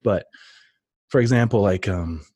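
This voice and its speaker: A man's voice: fairly low pitch, a little slow, warm tone, husky, no echo. A man telling stories with enthusiasm in a casual podcast chat. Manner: enthusiastic, rambling storyteller.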